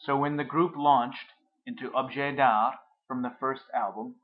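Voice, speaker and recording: A man narrating a first-person story in a measured, reflective way. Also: medium pitch, steady tone, narrow, tinny audio.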